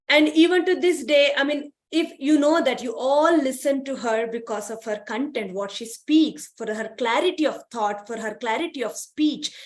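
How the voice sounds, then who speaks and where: High-voiced Indian woman lecturing. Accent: Indian English. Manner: earnest, repetitive, frequent "you know" and "okay". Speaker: speaking trainer. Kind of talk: lecture to students.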